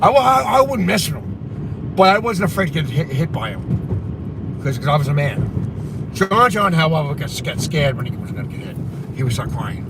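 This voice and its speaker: High, animated man rambling in a car. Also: moderate pace, background noise. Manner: rambling, repeats himself, laughs at his own story. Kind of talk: casual storytelling chat.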